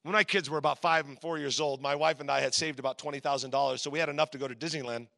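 Here a middle-aged guest preacher from Southern California speaks very fast in a little-high, gravelly voice. His sermon features a personal story in which he voices the people with lively energy.

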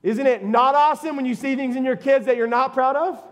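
A middle-aged man, preaching a sermon to his church in a folksy, storytelling way with animated asides. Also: very high-pitched, fairly quick. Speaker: pastor. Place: church sanctuary.

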